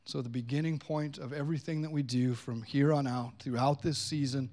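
A man's voice: mid-range voice, steady tone, brisk, a little mellow. A man pastor preaching a sermon in a church, earnest and conversational. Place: church sanctuary.

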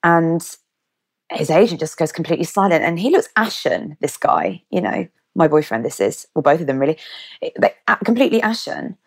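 A woman's voice: fairly low pitch, expressive, moderate pace. A woman, a guest vividly retelling a personal story and acting out the dialogue. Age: 30s. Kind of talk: storytelling in an interview.

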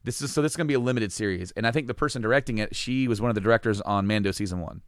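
Smooth-voiced rambling man. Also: lowish voice, very fast, dry recording, clean studio sound. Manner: rambling, with many restarts and casual swearing. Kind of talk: casual chat.

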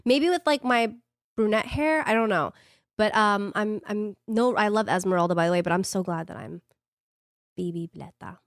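A woman's voice: medium pitch, moderate pace, no room sound, clean studio sound. A young woman with a New York accent chatting casually, rambling with plenty of fillers. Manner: rambling, animated, lots of fillers. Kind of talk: casual chat.

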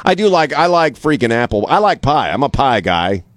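A man's voice: medium pitch, sing-song, normal speed, no echo, studio quality. A man hosting a talk radio show, rambling casually with many restarts and an irreverent streak. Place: radio studio. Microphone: studio mic.

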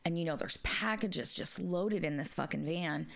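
A woman's voice: fairly low pitch, moderate pace, vocal fry. A woman co-hosting a podcast, telling a story in casual chat with plenty of swearing and fillers. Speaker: podcast co-host.

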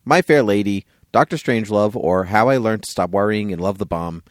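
This is a man hosting a casual podcast. His voice sits very low, and he laughs often while lightly teasing his co-host. The sound is dry and close, with no room echo. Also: brisk. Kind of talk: casual chat.

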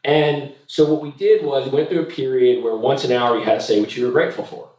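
A man's voice: mid-range voice, fairly even intonation, quick pace, a little mellow. A man, a podcast guest, telling a story in a reflective, conversational way, often restarting his sentences. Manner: reflective, repeats words when starting sentences. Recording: roomy room, distant mic.

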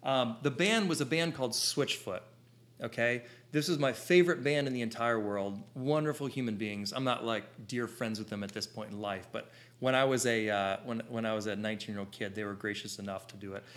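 This is a man in his thirties with an ordinary mid-range voice. He tells a personal story to an audience in an animated, excitable way, tripping over restarts and leaning on "like" as he goes. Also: mid-range voice, brisk. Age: 30s. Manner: excitable, with rambling restarts and lots of "like". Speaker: photographer telling his story.

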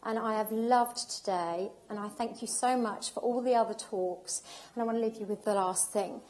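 A woman speaking from the heart at a live event, her voice a touch high. She is audibly emotional and leans into her words with emphatic repetition. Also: steady tone, moderate pace, a little mellow. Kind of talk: emotional personal talk.

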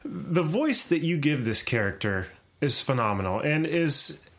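A man's voice: fairly high pitch, lively intonation, a little slow, a bit bright. A man hosting a casual interview, enthusiastic, laughing often and asking open questions. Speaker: podcast host.

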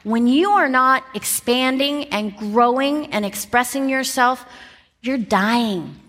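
A woman's voice: high-pitched, slow. A middle-aged woman giving a motivational talk, telling her story with lots of laughter and shifting pace. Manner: animated, laughs often, shifts pace for emphasis. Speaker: motivational speaker. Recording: long reverb from a large hall.

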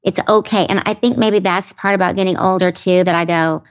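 A woman guest on a podcast, chatting casually and telling animated stories. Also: mid-range voice, a little fast. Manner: animated storyteller, acts out others' lines. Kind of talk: casual conversation.

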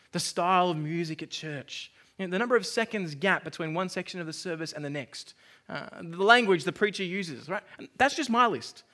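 A male pastor preaches in a chatty, self-deprecating sermon style. His voice sits high and sounds bright and lively. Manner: conversational, self-deprecating preaching with acted asides.

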